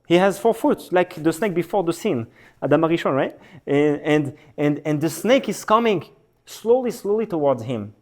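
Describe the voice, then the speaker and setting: Rabbi telling a long story in a lesson, kinda high voice, lively, repeats himself a lot. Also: male voice, moderate pace. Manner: animated, repetitive storytelling. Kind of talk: storytelling sermon. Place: synagogue hall.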